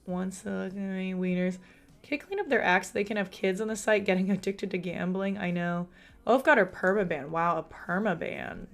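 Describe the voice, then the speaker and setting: Chatty monotone woman streamer. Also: medium pitch, normal speed, faint music behind. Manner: chatty, reads out and answers chat. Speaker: live streamer. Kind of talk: casual live-stream chat. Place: room at home.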